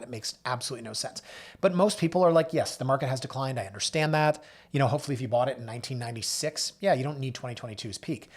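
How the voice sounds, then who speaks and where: Chatty man riffing on figures. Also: mid-range voice. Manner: chatty, self-mocking asides, reads figures off a list with sudden lifts. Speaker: realtor and show host. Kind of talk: casual market commentary to camera. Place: office or studio with someone off camera.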